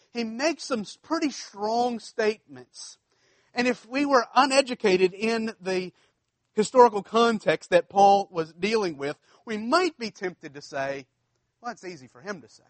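A man's voice: high voice, dry recording. A man from South Louisiana with a local accent, preaching a sermon as pastor in a conversational, storytelling way with folksy asides.

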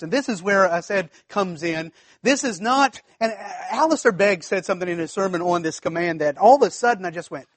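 Man, pastor, sermon, high-pitched, dry recording, conversational delivery. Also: no echo. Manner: conversational preaching with asides and restarts.

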